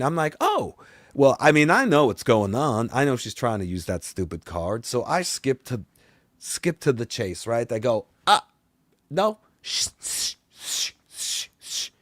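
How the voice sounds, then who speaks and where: A man's voice: medium pitch, dry recording, studio quality. A man playing a boastful vampire talk-show host, telling a rambling, exasperated story and swearing along the way. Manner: rambling and exasperated, swears, voice often climbs and grows loud. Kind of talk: comedic rant.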